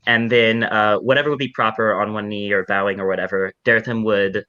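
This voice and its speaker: A man describes his character's actions slowly and thoughtfully, often stopping on fillers. His voice is lowish but bright and forceful. The sound comes through a dull, lo-fi microphone. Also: fairly even intonation, clean tone. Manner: hesitant, thoughtful narration full of fillers. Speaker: player. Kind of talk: playing a tabletop game.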